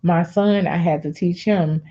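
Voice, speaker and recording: A woman's voice: lowish voice, steady tone, unhurried, mellow, lo-fi sound. Woman giving a candid personal testimony. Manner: candid storytelling, addresses listeners as y'all. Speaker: speaker sharing testimony. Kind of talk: personal testimony on a faith talk show.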